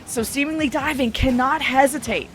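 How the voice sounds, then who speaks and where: A woman's voice: sits high, normal speed, a little hiss or hum. A woman giving color commentary on a live esports match, breaking down plays analytically and laughing easily. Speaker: esports caster.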